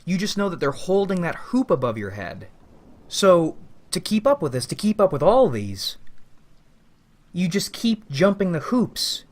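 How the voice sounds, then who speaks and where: A man's voice: sits high, big pitch swings, measured pace. A man giving a rambling, philosophical spoken monologue as a vlogger, with casual profanity.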